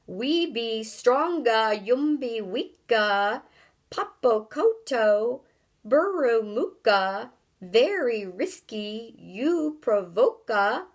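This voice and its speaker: A woman's voice: on the high side, voice pushed up. A woman doing an eccentric man chanting nonsense. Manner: loud, theatrical, drawn-out chanting.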